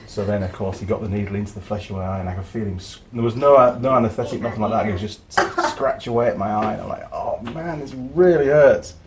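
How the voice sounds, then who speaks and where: A man's voice: fairly low pitch, animated, fast talker, slight background noise. A man hosting a mechanics channel, telling a story in casual workshop chat and swearing now and then.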